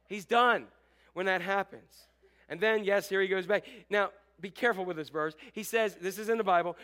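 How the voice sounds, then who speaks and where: Middle-aged preacher guy, pretty high voice, jokey and animated with the crowd. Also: a little fast. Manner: animated, joking with the congregation, acts out quotes. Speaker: pastor. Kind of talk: sermon.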